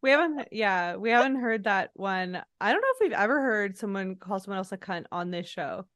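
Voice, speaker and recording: A woman's voice: mid-range voice, animated, a little fast, a bit bright, no room sound. Wry woman podcast co-host, dry sound. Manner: wry, sarcastic, laughing. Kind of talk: casual recap chat.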